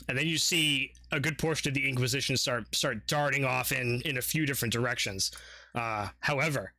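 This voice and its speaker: A man's voice: mid-range voice, a little fast, pushed and bright. A man narrating as dungeon master in a rambling, profane way, full of filler words and laughter. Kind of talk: narrating a tabletop game.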